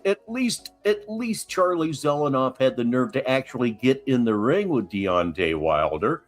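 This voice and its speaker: A man running a live stream, cutting in on a played clip with dry sarcasm and little chuckles. His voice sits a touch high for a man, talking from out on a golf course. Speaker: live-stream host reacting to a video. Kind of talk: mocking commentary over a played clip.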